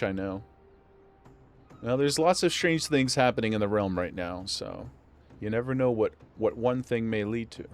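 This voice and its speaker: A man voicing a gruff male tavern keeper with a clumsy put-on rough dockside accent, reading game dialogue aloud. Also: mid-range voice, lightly acted.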